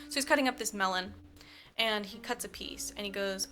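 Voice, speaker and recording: A podcast co-host with a bright, mid-pitched voice briskly recaps a movie plot in casual chat, animated and using lots of fillers. She acts out the characters' lines as she goes, with faint music playing underneath.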